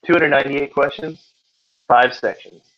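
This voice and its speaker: A man's voice: medium pitch, normal speed. A man teaches a roomful of students in a mid-range voice, loose and conversational, slipping jokes in between the lesson points. The classroom recording is muffled and lo-fi. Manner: chatty, joking with students. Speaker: test-prep tutor.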